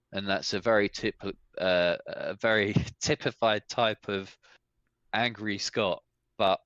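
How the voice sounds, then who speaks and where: Exasperated guy, low-voiced, dry close sound. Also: fairly bright tone, dry recording. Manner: ranting, exasperated, swears. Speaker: podcast co-host. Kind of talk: casual chat. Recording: dull lo-fi sound.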